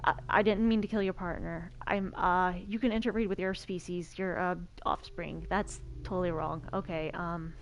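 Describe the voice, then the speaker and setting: A young woman streams a survival game while chatting casually, telling a rambling story full of stammered restarts and repeated words. Her voice is fairly low and steady at normal speed with hardly any pauses, and there's a little hiss or hum.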